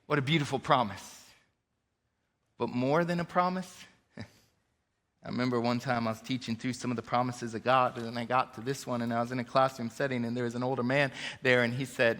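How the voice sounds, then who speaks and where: A man preaching a sermon as pastor, emphatic, rising and dropping sharply in pitch and volume, with light laughs between points. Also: steady tone, a little fast, a bit bright, in a large hall. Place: church sanctuary.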